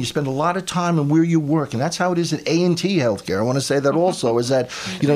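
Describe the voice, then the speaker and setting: A man hosting a radio health show, chatting casually and often repeating words as he starts sentences. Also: a little high.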